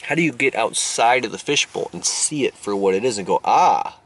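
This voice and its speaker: A man giving an improvised motivational story in an animated, emphatic way. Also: a little fast, breathy edge. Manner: animated, emphatic, jumps up in pitch for effect. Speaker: motivational speaker.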